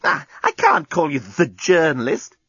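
A man voicing an impatient, curious young woman, speaking high and insistently. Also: huge pitch swings, a little slow, sharp tone, slightly rough, dry recording, highs cut off, heavily acted.

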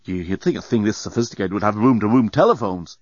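A man's voice: fairly low pitch, lively intonation, fast, no echo. A man as an easygoing young man, hesitant. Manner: slightly hesitant, repeats words. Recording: dull, muffled sound.

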